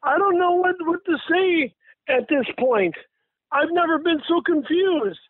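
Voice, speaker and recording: A man imitating an exasperated middle-aged woman who calmly tries to placate someone, heard over a tinny phone line. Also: very high voice, measured pace, no echo, pitched above the performer's own voice. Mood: bewildered. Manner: calm, placating, bewildered.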